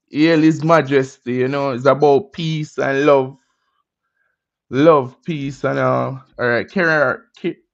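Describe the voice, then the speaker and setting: A man's voice: fairly high pitch, a bit bright. A man hosting a casual livestream, greeting viewers in a laid-back way with Jamaican slang. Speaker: livestream host. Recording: dull lo-fi stream audio.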